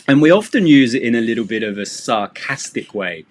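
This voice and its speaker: A man's voice: mid-range voice, moderate pace, few pauses. A middle-aged man leads a live English class. He explains phrasal verbs and idioms in a loose, joking way. He keeps slipping in sarcastic asides. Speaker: English teacher. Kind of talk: live-streamed English lesson.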